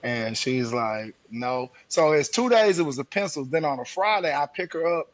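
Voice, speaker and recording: In a dry recording, a man with a slightly high voice speaks at normal speed, co-hosting a podcast. He laughs through a casual parenting story, acting out each quote with lively energy.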